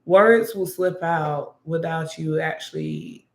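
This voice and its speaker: A young woman, a restaurant manager, telling a story in casual chat and acting out the quotes in an animated way. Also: low-pitched, slow pace. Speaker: restaurant manager and podcast co-host. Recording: echoey room.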